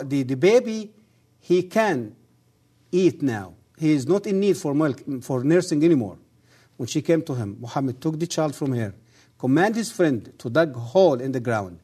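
A man, a guest on the program, giving an earnest testimony and appeal in halting English with non-native grammar, measured and solemn. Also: a little high, warm tone, breathy edge.

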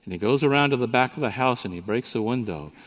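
A man's voice: mid-range voice, animated, quick pace, big-room sound. A man speaking at a Bible conference, telling a joke story and teaching with playful asides to the audience. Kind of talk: conference sermon with humor. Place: conference hall.

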